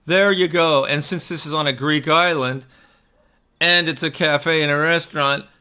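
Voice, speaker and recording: A man's voice: a little high, fairly even intonation, normal speed, pushed and bright, clean tone. A man who is a stage actor, chatting in a casual vlog in a rambling, self-mocking way into a desk microphone.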